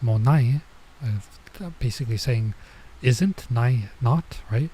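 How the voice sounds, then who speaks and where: A man's voice: medium pitch, slow pace, mellow, breathy edge. A man running a casual Japanese lesson, reading manga lines aloud and translating them with lots of filler words. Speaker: vtuber teaching Japanese.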